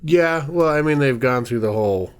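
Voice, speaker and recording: A man co-hosting a podcast in casual, joking chat, sometimes dropping into low mumbles. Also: expressive, moderate pace, clean tone. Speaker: podcast co-host.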